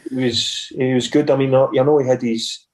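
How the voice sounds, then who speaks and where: A man's voice: mid-range voice, fairly even intonation, fairly quick, a little mellow. A Scottish man in his forties, a former footballer guest, telling rambling stories with restarts. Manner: rambling anecdotes with many restarts and acted quotes. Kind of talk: casual storytelling.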